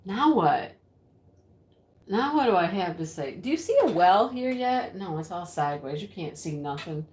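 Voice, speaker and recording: A woman's voice: lowish voice, big pitch swings, moderate pace, darkish tone. An actress playing a rambling, easily flustered woman who hosts a home craft livestream and giggles often. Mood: giggly. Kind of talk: sketch comedy character acting. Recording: roomy echo.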